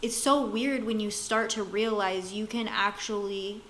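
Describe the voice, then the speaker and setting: A woman's voice: medium pitch, unhurried, low-quality recording. A woman guest in casual chat, talking reflectively with many fillers. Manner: reflective, talks about staying calm, with fillers.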